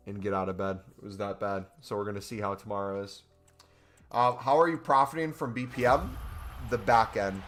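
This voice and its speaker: A man's voice: lowish voice, a bit bright. A young American man chatting casually on his gaming live stream, joking and reading out questions from chat. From United States. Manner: chatty, jokey, reads chat aloud.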